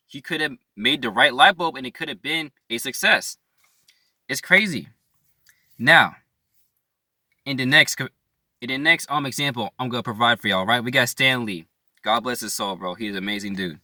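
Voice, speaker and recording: A man's voice: mid-range voice, sharp tone, no room sound. A young man giving a casual motivational talk, earnest and slangy, repeating his points and asking "right?" as he goes. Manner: slangy, calls listeners "bro". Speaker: motivational YouTuber.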